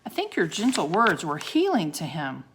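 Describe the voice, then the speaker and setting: A woman's voice: fairly low pitch, wildly swooping pitch, normal speed, a bit bright, a little hiss or hum. A woman reading a storybook aloud, voicing a cheerful, self-assured young male sorcerer in a jovial tone close to her own voice.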